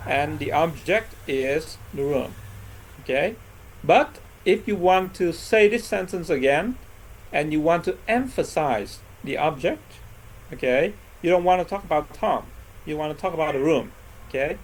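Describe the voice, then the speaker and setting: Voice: mid-range voice, a little hiss or hum, low-quality recording. Teacher forever asking "okay?". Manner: checks in constantly with "okay?" and "right?"; repeats example sentences slowly. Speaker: English teacher. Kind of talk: classroom grammar lesson. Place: classroom with students.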